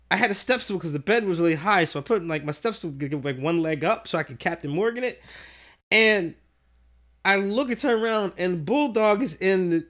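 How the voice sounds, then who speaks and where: High-voiced animated storyteller man. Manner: animated, acts out voices with big pitch jumps; profane, rambling with many restarts. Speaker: podcast host. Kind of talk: casual storytelling chat.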